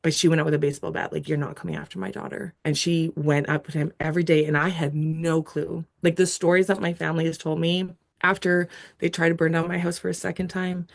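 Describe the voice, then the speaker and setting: A woman's voice: low voice, a little fast, gravelly, hardly any pauses. A woman guest on a podcast telling a personal story with feeling, acting out what she said back then. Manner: animated, acts out her own past lines.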